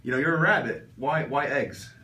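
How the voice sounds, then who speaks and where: A man's voice: mid-range voice, normal speed, bright, forceful tone. A man playing an interviewer in a comedy sketch, firing off questions like a mock reporter. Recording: echoey room, mic far off.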